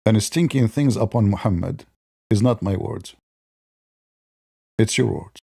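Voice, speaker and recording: Man, gravelly, sarcastic debate-show host with a mellow, dark tone. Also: measured pace, no echo, clean studio sound. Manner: mocking, sarcastic, imitates opponents in high voices. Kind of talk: polemical monologue.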